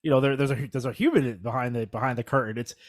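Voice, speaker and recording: A man's voice: mid-range voice, fast, no echo. A man co-hosting a casual podcast. He speaks in a mid-range voice and rambles wryly through his points, often restarting his sentences. The recording is dry and close. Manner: rambling and wry, full of fillers and restarts. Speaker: podcast co-host.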